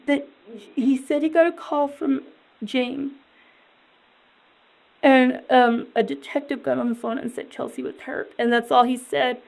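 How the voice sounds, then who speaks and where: Woman, high-pitched, gravelly, distraught, dazed, halting and rambling, police interview. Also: steady tone, rough recording. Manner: halting, rambling, repeats herself.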